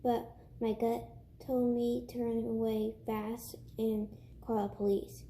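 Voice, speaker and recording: Halting woman reading a book aloud. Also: on the high side, flat delivery, warm tone, slight background noise. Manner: halting, stumbles and restarts, breaks off to chat. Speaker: reader.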